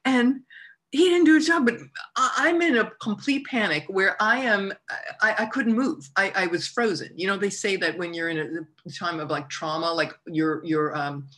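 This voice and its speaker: Lady telling a wild story, kinda low voice, says like a lot and trips over her words. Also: moderate pace. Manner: animated, lots of "like" and restarts; laughs through the telling. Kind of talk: casual personal anecdote.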